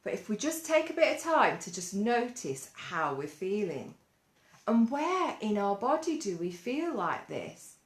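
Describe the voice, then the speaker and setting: A woman guides children through a mindfulness lesson at an unhurried pace. Her manner is playful and coaxing, full of questions, with a mid-range voice. The recording carries a noticeable roomy echo. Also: mid-range voice, big pitch swings. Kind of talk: gentle mindfulness lesson for kids.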